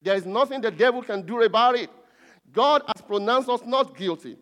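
A man's voice: very high voice, expressive, normal speed, fairly bright tone, in a large hall. A man preaching a sermon as pastor, teaching a point step by step and repeating key words for emphasis, with light chuckles. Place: church hall.

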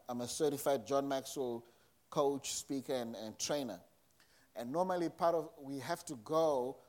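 A man's voice: medium pitch, a little mellow. A man preaching a sermon in a conversational way, acting out quotes as he retells a story. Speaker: pastor.

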